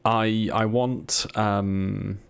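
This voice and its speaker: Gravelly low-voiced man streaming. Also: fairly even intonation, drawn-out words. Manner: joking, sweary, rambling asides to chat. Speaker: streamer playing a police recruit. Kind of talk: casual streaming commentary.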